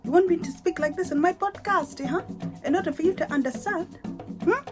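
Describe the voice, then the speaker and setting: A woman's voice: very high-pitched, a little fast, music in the background, voice pushed up. A woman putting on a mocking Ugandan accent. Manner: teasing, pushy questions. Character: exaggerated Ugandan-accented speaker, mocking and insistent.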